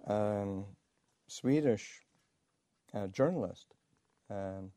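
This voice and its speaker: A man, a Buddhist monk, telling a story in a dharma talk, halting with many pauses and fillers and chuckling along the way. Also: lowish voice, mellow, no room sound.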